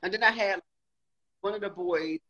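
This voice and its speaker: A woman hosting a livestream, telling stories excitedly and swearing freely in casual chat. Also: medium pitch, normal speed, highs cut off, heavy background noise. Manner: excitable, profane storyteller. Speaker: livestream host.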